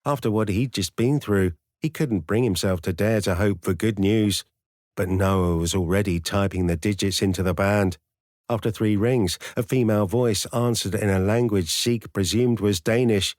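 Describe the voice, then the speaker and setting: A man narrates an audiobook in a steady, measured storytelling manner. His voice sits fairly low, and the recording is dry and close with no room sound behind it. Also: no echo.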